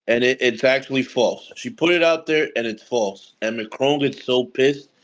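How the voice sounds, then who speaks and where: A man's voice: mid-range voice, normal speed, poor audio. A man co-hosting a casual group podcast chat, floating theories and chuckling as he talks. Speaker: podcast co-host.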